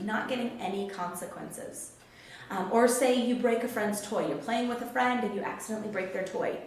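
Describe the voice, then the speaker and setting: A woman telling a Bible story to children in an animated way, acting out the characters' lines. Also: mid-range voice, recorded from a distance. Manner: animated, acts out characters' quotes. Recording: very echoey room, faint background noise.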